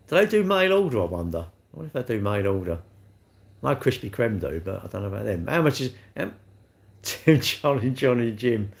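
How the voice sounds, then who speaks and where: A man, hosting a casual livestream, rambling and joking at himself as he answers viewers' comments and laughs often. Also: mid-range voice. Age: 60s. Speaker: livestream host.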